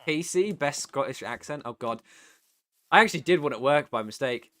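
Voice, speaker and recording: Male streamer from the UK, bright and forceful tone, loose rambling chat with casual swearing. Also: fairly high pitch, expressive, moderate pace, pauses often, dry recording. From United Kingdom. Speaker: streamer and voice actor.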